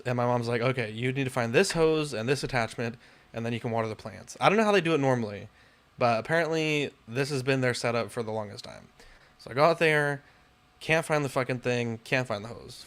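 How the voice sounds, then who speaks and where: A man's voice: medium pitch, a bit bright. Young man, podcast co-host, casual storytelling, frustrated and profane. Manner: exasperated, swears a lot, rants with rising outbursts.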